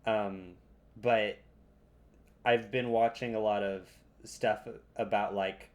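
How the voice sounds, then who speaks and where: A young man co-hosting a podcast, chatting loosely, swearing and breaking into loud laughter. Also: fairly low pitch, fairly even intonation, takes it slowly, muffled recording. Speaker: podcast co-host. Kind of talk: casual chat.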